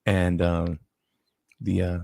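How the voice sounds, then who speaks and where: A man casually chatting and telling a story with lively energy, acting out the people in it. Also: low-pitched, slow, vocal fry, no room sound, studio quality. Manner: animated storyteller, acts out quoted people loudly.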